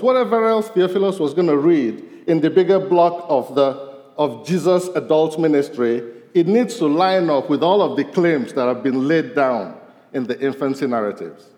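A man preaching a sermon as pastor, his voice rising to stress points and falling low at the end of each. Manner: animated, voice rising for emphasis and dropping low at ends of points. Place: church sanctuary. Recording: long reverb of a large hall.

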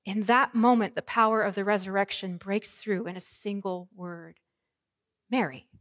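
Woman, pastor, sermon, dramatic delivery, hushed to ringing. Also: medium pitch, fairly even intonation, normal speed, no room sound, clean studio sound. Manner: dramatic, varied delivery with soft hushed lines and ringing proclamations.

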